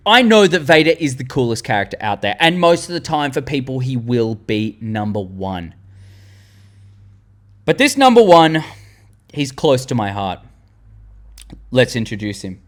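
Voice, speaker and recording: A young Australian man in his twenties, hosting a fan tier-list vlog and rambling excitedly with the odd swear word. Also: medium pitch, normal speed, pauses often. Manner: animated, rambling, swearing, loses words mid-sentence. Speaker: channel host.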